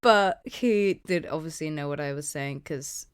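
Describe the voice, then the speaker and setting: A woman's voice: sits low, a little slow, clear, resonant tone, no echo. A woman co-hosting a podcast in casual chat, rambling with lots of fillers and laughing often as she tells stories. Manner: giggly, laughs often mid-story. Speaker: podcast co-host.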